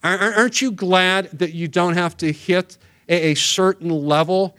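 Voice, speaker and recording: A man preaching a sermon as pastor, reading scripture quickly and then explaining it with earnest emphasis. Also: high-pitched, steady tone, pushed and bright, clear, resonant tone.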